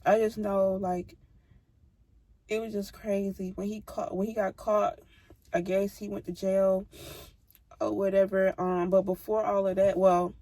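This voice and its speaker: A woman's voice: medium pitch, level tone, a little slow, long pauses, mellow, no room sound. A young woman vlogger telling a personal story in a blunt, heated, profane way. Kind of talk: casual storytime.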